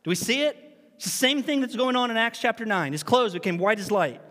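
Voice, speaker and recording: A man preaching a sermon as pastor, animated, with rhetorical questions and humorous asides. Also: very high-pitched, fairly quick. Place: church sanctuary. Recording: long reverb in a large church hall.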